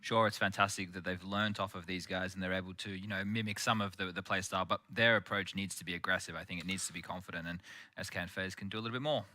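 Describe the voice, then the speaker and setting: A man's voice: deep voice, fairly even intonation, fast, pushed and bright, no echo. A man giving confident esports analysis on a studio desk.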